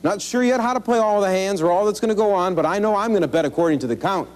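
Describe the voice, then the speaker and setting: A man with a notably high-pitched voice teaches card counting in a folksy, animated way. He mixes plain step-by-step instruction with self-deprecating jokes, and the sound comes off an old 1980s instructional tape. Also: fast. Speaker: blackjack instructor. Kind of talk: instructional video talk.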